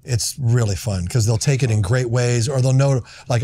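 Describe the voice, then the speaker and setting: A man's voice: medium pitch, fairly quick, hardly any pauses. A middle-aged man, an actor and comedian, telling stories in casual chat and acting out lines in put-on voices. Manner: animated, acts out lines in loud put-on voices.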